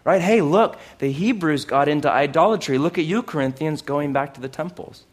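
A man preaching a sermon in an animated way, with loud exclamations, hushed asides and sarcastic, self-mocking humor. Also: a little high, a little fast. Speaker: pastor.

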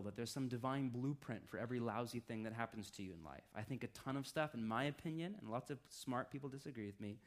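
A man preaching a sermon in a conversational style, with wry asides, often dropping his voice low for emphasis. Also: fairly bright tone. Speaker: pastor.

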